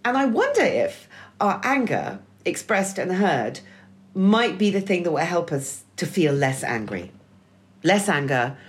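Lively, wry middle-aged woman podcast host. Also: sits low. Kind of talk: scripted-sounding podcast chat.

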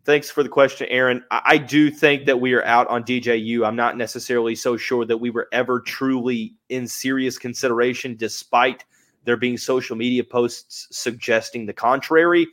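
A man's voice: mid-range voice, fairly even intonation, normal speed, fairly bright tone. A man hosting a live sports podcast, giving analysis in a conversational way and thinking aloud with hedges. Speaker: podcast host.

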